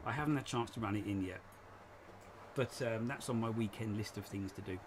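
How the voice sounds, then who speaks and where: A man's voice: fairly low pitch, fairly quick, background noise. A man hosting a casual live stream from his shed, rambling and chatty, often laughing as he talks. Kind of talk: casual chat. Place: home shed.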